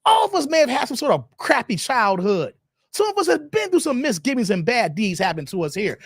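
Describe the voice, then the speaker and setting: A man's voice: very high-pitched, huge pitch swings, a little fast, husky, dry recording, clean studio sound. A man hosting a livestream, reacting to videos with blunt, profane, emphatic rants and reading out chat messages. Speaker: live-stream commentary host.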